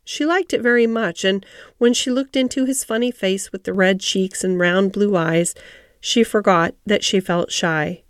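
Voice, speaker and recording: Calm lady reading a storybook aloud, dry sound, measured. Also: mid-range voice, smooth, no echo. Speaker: audiobook narrator. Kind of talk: scripted storybook narration.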